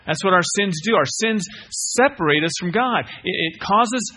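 A man's voice: high-pitched, expressive, normal speed, pushed and bright. A middle-aged man preaching a sermon, earnest, repeating key phrases and putting questions to the listeners. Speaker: pastor.

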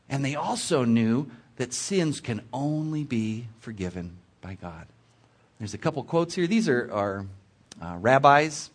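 A man preaching a sermon, reading scripture and explaining it with expressive storytelling asides. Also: medium pitch, measured pace, slightly rough. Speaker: preacher in children's ministry. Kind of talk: sermon teaching from Bible text.

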